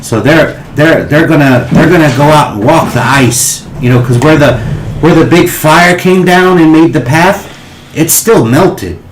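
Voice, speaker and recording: A man's voice: fairly high pitch, unhurried, voice pushed up, lightly acted. A man voicing a chatty nine-year-old noble boy who talks eagerly and stumbles over his words. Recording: echoey room, faint hiss.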